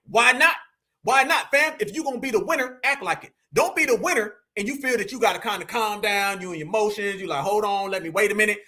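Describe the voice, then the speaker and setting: A man's voice: extremely high pitch, sharp tone, breathy edge. A man hosting a reaction video, preaching and rallying his audience with repeated hype calls. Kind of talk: energetic reaction commentary.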